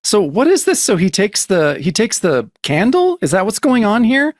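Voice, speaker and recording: A man's voice: high-pitched, big pitch swings, moderate pace, no echo, studio quality. A man co-hosting a podcast, casually recapping a comic book, laughing, swearing and acting out the characters' lines. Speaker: podcast co-host. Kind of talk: casual chat reading comics aloud.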